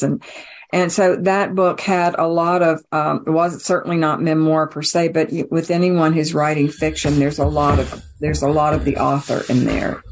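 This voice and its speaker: A woman author speaks in a relaxed interview, thinking aloud as she goes. She often restarts her phrases and laughs lightly between thoughts. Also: low-pitched. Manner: reflective, warm laughing asides, many restarts. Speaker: author guest. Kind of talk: casual interview conversation.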